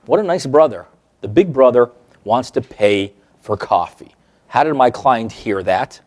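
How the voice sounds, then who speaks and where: A male therapist teaching a workshop, telling client stories in a lively way and checking in with the audience. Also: medium pitch, normal speed. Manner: animated, acts out quoted remarks, checks in with the audience.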